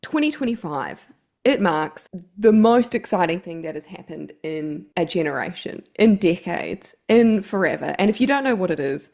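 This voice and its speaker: A woman's voice: lowish voice, expressive, normal speed, creaky, a little mellow. Enthusiastic New Zealand woman co-host. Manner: enthusiastic, laughs often, uses Kiwi slang. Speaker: podcast co-host. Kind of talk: casual chat.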